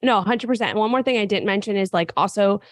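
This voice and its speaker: A woman co-hosting a fitness podcast, sick and raspy, explaining at length in casual chat with frequent fillers. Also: medium pitch, quick pace, no echo, studio quality. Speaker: podcast co-host and nutrition coach.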